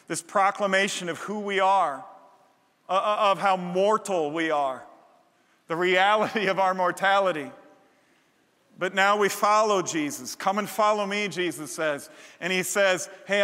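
A man's voice: high-pitched, sharp tone. A man preaching a sermon as pastor, talking in a conversational way that builds to fervent emphasis. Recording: long hall reverb.

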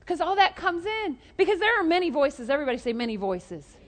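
A woman preaching a humorous sermon, animated and joking, drawing the congregation into call-and-response. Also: extremely high pitch, fast talker, long reverb tail.

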